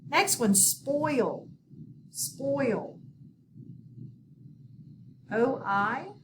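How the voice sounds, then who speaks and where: Slow, patient woman teaching phonics. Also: high voice, lively intonation. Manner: slow, patient, instructive with repeated prompts. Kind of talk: recorded video lesson. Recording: distant mic with background noise.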